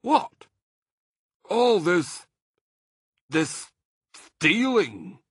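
A man voicing Mister Fox, a bold and cunning father fox who talks in a lively, theatrical way. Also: high-pitched, very slow, husky, no room sound, clean studio sound, voice pushed up, exaggerated voice. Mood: confident.

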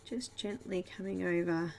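A woman with a fairly low, creaky, darkish voice keeps a steady tone and moderate pace, with a little hiss or hum in the audio. She's an Australian host of a live colouring tutorial, chatting and giggling with viewers while she works.

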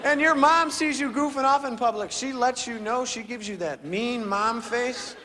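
A young man doing an animated stand-up routine on a theater stage, acting out characters with voices and sound effects. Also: very high-pitched, normal speed. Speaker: stand-up comedian. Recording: live theater recording with crowd noise. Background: audience laughter.

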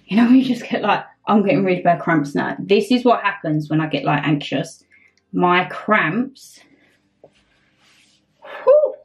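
A woman's voice: lowish voice, sing-song, a little slow, lo-fi sound. A young woman chatting through a getting-ready vlog at home, flustered and self-mocking. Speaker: vlogger.

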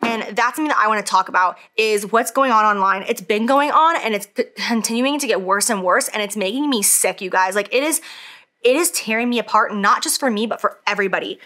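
A woman's voice: mid-range voice, brisk, sharp tone. A woman in her thirties talking casually to camera as a beauty vlogger while she does her makeup, candid and emotional, with lots of "like" fillers. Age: 30s. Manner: talks while applying makeup.

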